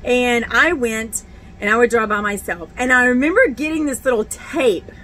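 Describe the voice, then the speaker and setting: A woman's voice: on the high side, moderate pace, a bit bright, a little hiss or hum, poor audio. A middle-aged woman, telling her faith testimony in a chatty, candid way with many fillers and restarts. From Texas. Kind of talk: casual personal testimony.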